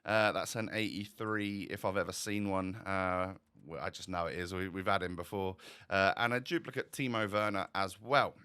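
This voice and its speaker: A man's voice: low voice, fairly even intonation, normal speed, pushed and bright, clean tone. A man giving casual, rambling commentary while opening packs in a football video game, chatting straight to his viewers. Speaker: gaming YouTuber.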